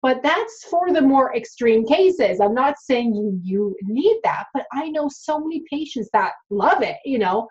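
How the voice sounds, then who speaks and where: Woman, dental hygienist, frank chatty talk to camera, fairly high voice, slightly muffled audio. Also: expressive, measured pace, few pauses. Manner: chatty, frank, addresses viewers directly.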